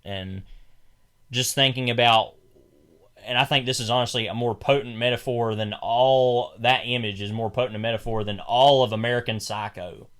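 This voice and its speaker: A man's voice: mid-range voice, moderate pace, fairly bright tone. A young man talking films in a loose, rambling podcast chat. His voice sits in an ordinary middle register. He circles his point with fillers and restarts. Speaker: podcast co-host. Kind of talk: casual film discussion.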